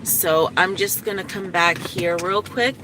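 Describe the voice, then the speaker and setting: A woman vlogging from her car into a phone, talking in a rambling, halting way with many restarts. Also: on the low side, noisy background. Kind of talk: casual vlog commentary. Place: inside a parked car.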